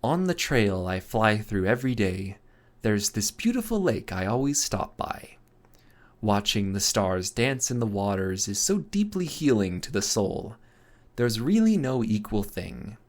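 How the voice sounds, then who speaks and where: A man voicing a dreamy painter in whispered role-play, soft and full of wonder. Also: fairly low pitch, sing-song, unhurried. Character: dreamy painter writing a letter, gentle and wondering.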